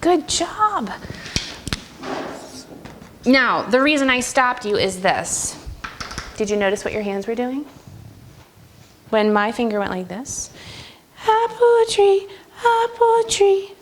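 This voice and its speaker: A woman's voice: medium pitch, animated, slow pace, long pauses, a bit bright, a little hiss or hum. A woman music teacher leading young children in a classroom with encouraging, sing-song call-and-response prompts. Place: school classroom.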